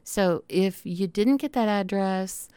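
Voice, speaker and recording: A woman's voice: mid-range voice, takes it slowly, dark tone, smooth, dry recording. A middle-aged woman with a Southern accent hosting her podcast in a chatty, affectionate, rambling way. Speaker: podcast host. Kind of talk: casual monologue.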